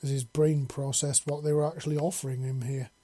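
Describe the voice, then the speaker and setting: Guy reading fan fiction out loud, dark husky voice, lots of little slips. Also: mid-range voice, flat delivery, a little fast, no room sound. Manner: casual, with frequent slips and restarts. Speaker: narrator.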